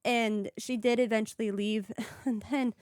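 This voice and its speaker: Earnest rambling young woman, smooth voice. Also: fairly high pitch, fairly even intonation, a little slow, a little mellow, dry recording, studio quality. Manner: earnest, rambling, heavy use of "like". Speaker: podcast guest. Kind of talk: casual personal storytelling. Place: podcast studio.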